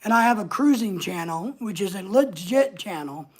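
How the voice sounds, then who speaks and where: A woman's voice: mid-range voice, lively intonation, normal speed, darkish tone. A woman hosting a casual livestream, chatting away and answering viewer comments as they come in. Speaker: livestream host.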